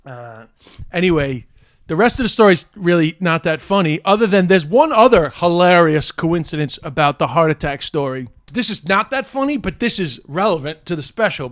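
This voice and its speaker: Animated comedian telling a story. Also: male voice, high-pitched, no room sound, studio quality. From United States. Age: middle-aged. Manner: animated, builds to excited near-shouting at the punchline; self-correcting restarts, frequent "uh" and "but anyway". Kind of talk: casual storytelling to camera.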